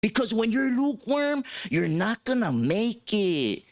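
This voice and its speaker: A fiery middle-aged barrio street preacher, as a man puts him on, pitched well above his own voice. He preaches with urgency, coaxing and slangy, and his pitch leaps around with every line. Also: very animated, unhurried, heavily acted. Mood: fervent.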